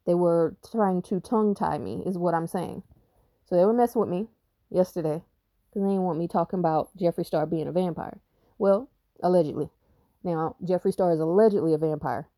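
A woman's voice: lowish voice, dark tone, no echo. A woman who is a spiritual reader, talking on her podcast in a rambling, profane, emphatic way. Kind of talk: casual podcast monologue.

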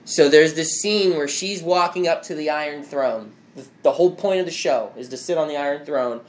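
A man's voice: fairly high pitch, fairly quick. A young man chatting casually at home, rambling with lots of "like" as he recaps a show. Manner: rambling, heavy use of "like". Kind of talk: casual chat. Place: at home with friends and family.

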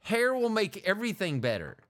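Podcast host, man, fifties. Jokey and animated, slightly higher voice. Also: brisk. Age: 50s. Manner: joking, animated, puts on silly voices. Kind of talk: casual comedic chat.

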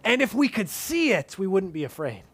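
A man preaching a sermon in an earnest tone, dropping to soft emphatic lines and casual asides. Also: high-pitched, sing-song, normal speed, breathy edge.

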